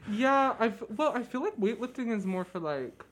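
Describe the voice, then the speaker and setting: A young man with a naturally high, light voice, chatting as a guest in a playful, sassy way with lots of fillers. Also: lively intonation, moderate pace. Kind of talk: casual podcast chat.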